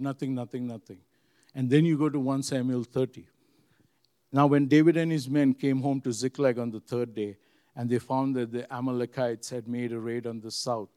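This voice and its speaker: A pastor preaching a sermon to his church, earnest and repeating his phrases, swinging from loud emphasis to quiet. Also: mid-range voice, no echo.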